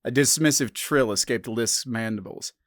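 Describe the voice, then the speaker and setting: A man narrating a science fiction story in a steady, dramatic scripted style. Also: mid-range voice, moderate pace, dry recording, studio quality.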